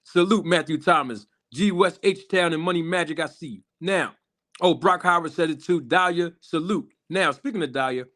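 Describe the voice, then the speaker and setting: A man's voice: a little high, moderate pace, a bit bright. Hype man hosting a live stream. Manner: hype, chatty, calls out to the chat. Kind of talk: casual live stream talk.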